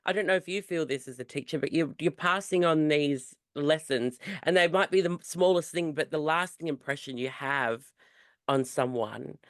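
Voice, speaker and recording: A man hosting a podcast interview, emotional and expressive, laughing often. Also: a little high, moderate pace, dry recording, clean studio sound. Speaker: podcast host. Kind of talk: conversational interview.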